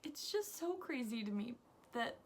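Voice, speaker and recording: A young woman vlogger excitedly telling a story to camera, gushing and breathless, full of restarts. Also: a little high, normal speed, a little hiss or hum.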